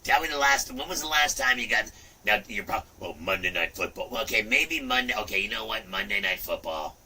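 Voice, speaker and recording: A middle-aged man rambles through a casual livestream, swearing freely and breaking into sudden loud outbursts. His voice sits a little low but has a very bright, hard edge. The mic picks him up from a distance. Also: expressive, fairly quick, a little hiss or hum. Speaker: livestream host.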